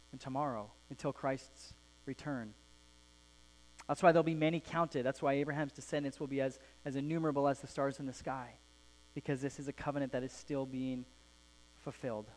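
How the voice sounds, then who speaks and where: Male pastor, mid-pitched, earnest sermon delivery with soft phrase endings, faint mains hum. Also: fairly even intonation, normal speed, low-quality recording. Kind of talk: sermon with a read-aloud story. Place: church.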